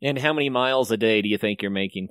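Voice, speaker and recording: A man's voice: fairly low pitch, quick pace, fairly bright tone, smooth, no echo. Chill podcast host guy asking questions, dry close sound. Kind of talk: casual interview questions.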